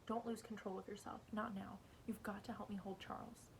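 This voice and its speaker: A woman reading aloud as a steady, athletic teenage boy, speaking low, firm and wry. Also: fairly quick, vocal fry, a little hiss or hum, lightly acted.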